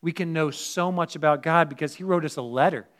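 A man's voice: fairly high pitch, fairly quick. A male pastor preaching a sermon in a conversational way, asking the congregation rhetorical questions and reading scripture aloud with emphasis.

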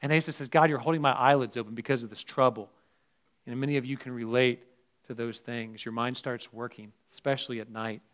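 A man's voice: a little high, a little fast, fairly bright tone, smooth. A male pastor preaching a sermon in a conversational way, asking the congregation rhetorical questions and reading scripture aloud with emphasis.

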